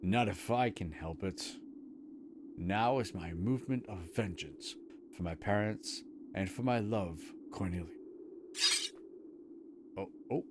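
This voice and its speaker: A man's voice: sits low, slow pace, pauses often, noisy background. A man voicing a brooding young male lover in a stage play, with dramatic old-fashioned speech over game music.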